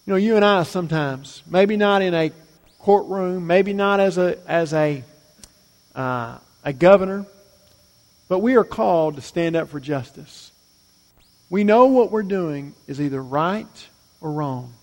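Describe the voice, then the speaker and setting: A male pastor preaching a sermon. He swings between loud, emphatic lines and quiet, low asides. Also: measured pace, big-room sound.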